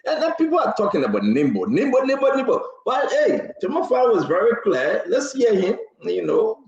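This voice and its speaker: A man hosting a live political talk show, animated, teasing and laughing as he talks. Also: high-pitched, a little fast, reverberant, highs cut off. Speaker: show host. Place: New Jersey.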